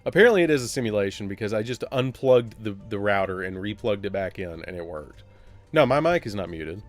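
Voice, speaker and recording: A man's voice: on the low side, lively intonation, brisk. A man from Alabama with a Southern accent, rambling and joking with his chat while live-streaming a card game. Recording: dry with faint music behind.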